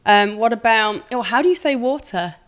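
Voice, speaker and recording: Woman, Yorkshire accent, high pitch, playful host, casual chat. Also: animated, fairly quick, a bit bright, smooth. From Yorkshire, England. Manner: friendly, playful questioning. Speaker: interview host.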